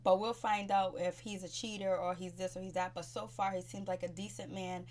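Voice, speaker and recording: A woman giving a casual, slangy recap of a TV show, chatting in an animated way. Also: medium pitch, brisk.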